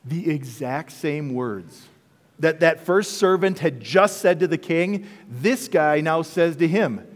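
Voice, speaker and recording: Lively preacher man in a reverberant hall. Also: on the high side, slow. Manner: animated, rhetorical questions to the congregation. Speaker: pastor. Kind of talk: sermon. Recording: long reverb of a large hall.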